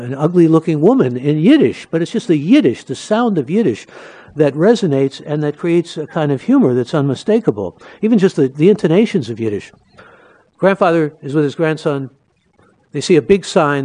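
A man's voice: on the high side, warm tone. A man, an author giving a talk about his book, telling jokes and anecdotes and acting them out with voices. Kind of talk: lecture with joke-telling.

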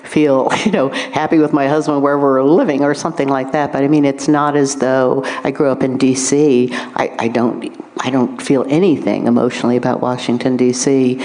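Low-voiced wry woman author. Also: fairly even intonation, brisk, hardly any pauses, a little mellow. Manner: wry, thoughtful, self-deprecating. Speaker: author guest. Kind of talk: onstage conversation.

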